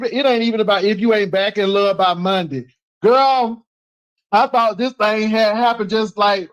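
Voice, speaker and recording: A man with a notably high voice talks in a sassy, teasing way on a casual live call-in show. He hammers his points home by repeating them. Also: poor audio. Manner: sassy, teasing, emphatic repetition.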